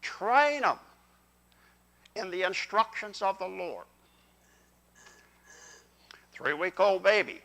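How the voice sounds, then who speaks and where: A man's voice: high-pitched, takes it slowly, creaky, pauses often, fairly bright tone, low-quality recording. An older man preaching a sermon in church, in a folksy style, talking directly to the congregation. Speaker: pastor. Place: church sanctuary.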